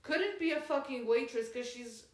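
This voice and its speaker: A woman's voice: sits high, animated, normal speed. A woman co-hosting a casual chat about a book, blunt, sarcastic and full of swearing. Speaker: podcast co-host. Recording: roomy echo.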